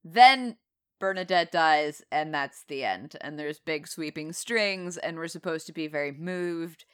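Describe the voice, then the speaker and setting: A woman's voice: low voice, unhurried, smooth. A woman co-hosting a casual film review chat, retelling the plot sarcastically. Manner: sarcastic, animated retelling with laughs. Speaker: podcast co-host.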